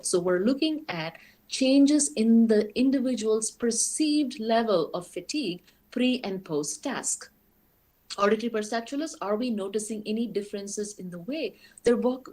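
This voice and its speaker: A woman giving an academic lecture in a lively, explanatory way, posing rhetorical questions to the audience. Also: fairly high pitch. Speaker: guest lecturer.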